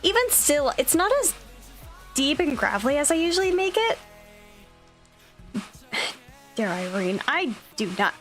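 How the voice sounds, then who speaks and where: A woman's voice: high-pitched, very animated, moderate pace, a bit bright, soft background music. A young woman streamer chatting casually, upbeat and rambling with plenty of fillers. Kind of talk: casual chat.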